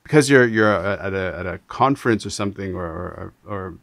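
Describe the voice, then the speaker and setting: A man's voice: deep voice, a little fast, creaky, no room sound. A man from Canada with a Canadian accent, hosting a casual interview over a video call, emphatic and full of restarts. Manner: animated, emphatic, frequent restarts. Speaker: podcast host.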